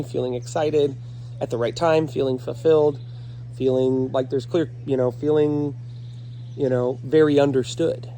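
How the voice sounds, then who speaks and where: A man's voice: medium pitch, warm tone, slight background noise. A man working as a dog trainer, talking casually to camera outdoors in the morning, earnest and addressing viewers directly as folks while rattling off lists.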